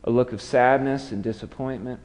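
A man's voice: medium pitch, fairly even intonation, a little fast, darkish tone, in a large hall. A man preaching a sermon, telling the story dramatically and acting out the lines of the people in it. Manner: dramatic storytelling, acts out quotes with raised voice. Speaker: pastor.

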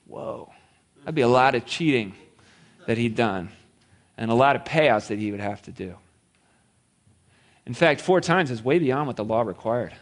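A man's voice: mid-range voice, expressive, normal speed, long pauses. A man preaching a sermon, retelling a story in a playful way with laughs and acted-out quotes. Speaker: pastor.

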